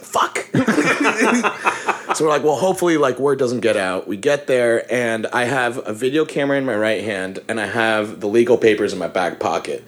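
A young man hosting a casual chat, telling an animated story with lots of laughter and swearing. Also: mid-range voice. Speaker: podcast host.

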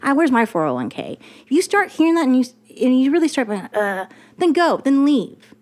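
Lively, emphatic woman writer. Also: high-pitched, brisk. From United States. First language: Mandarin. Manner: emphatic, repeating herself, swearing. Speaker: guest, writer. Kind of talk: casual interview talk.

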